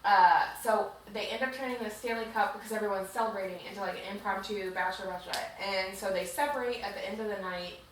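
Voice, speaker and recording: Woman co-host, casual and rambling, mid-pitched, recorded far off the mic with faint hiss. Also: fairly bright tone. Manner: chatty, rambling storytelling full of "like". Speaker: podcast co-host. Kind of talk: casual chat recapping a book. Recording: very echoey room, distant mic, faint hiss.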